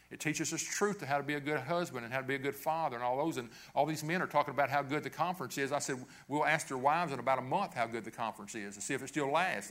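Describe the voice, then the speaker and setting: A pastor delivers his sermon in a slightly higher-than-usual man's voice. He preaches earnestly, circling back on the same phrases and restarting sentences as he goes. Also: a bit bright.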